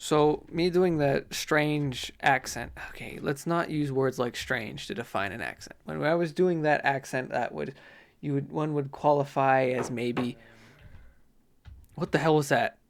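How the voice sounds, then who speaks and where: A man's voice: medium pitch, measured pace, creaky. A man giving casual gameplay commentary, rambling to himself with mock outrage.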